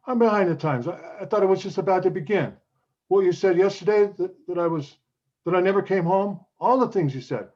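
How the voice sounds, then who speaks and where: A man's voice: high-pitched, a little mellow, lo-fi sound. A man playing a desperate young husband begging his wife to stay, in an acting class scene over a video call. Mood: confused. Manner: pleading, halting repetitions.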